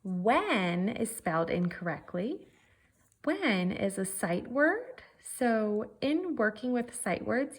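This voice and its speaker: Woman teacher, slow and unhurried, husky voice, methodical, thinking aloud. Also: mid-range voice, big pitch swings. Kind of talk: virtual writing lesson.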